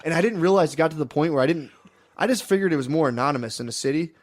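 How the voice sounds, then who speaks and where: A man co-hosting a podcast, telling rambling, fast anecdotes full of quoted asides in casual chat. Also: fairly high pitch. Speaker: podcast co-host. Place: podcast studio.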